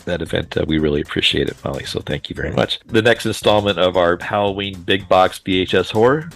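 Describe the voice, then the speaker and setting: A man's voice: low voice, fast, gravelly, over music. A man co-hosting a podcast in casual chat, easygoing and chuckling between remarks. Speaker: podcast co-host.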